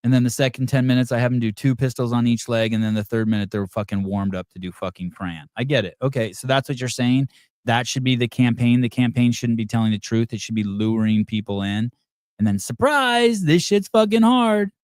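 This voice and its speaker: A man's voice: medium pitch, fairly even intonation, brisk, darkish tone, dry recording, studio quality. A man hosting a podcast in casual talk, reacting to viewer comments in a blunt, profane and rambling way. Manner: rambling, self-interrupting delivery. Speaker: podcast host.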